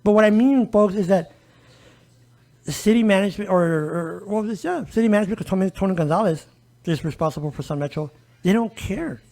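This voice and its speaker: Emphatic high-pitched man on a podcast. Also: expressive, brisk, vocal fry, darkish tone. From El Paso area, US. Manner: emphatic, repeatedly addressing listeners with "folks" and "okay?". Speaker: disability advocate guest. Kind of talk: conversational podcast interview.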